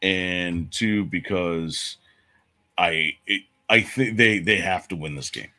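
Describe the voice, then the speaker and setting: A man co-hosting a sports podcast, casually running through game picks in a relaxed way. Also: sits low, slow.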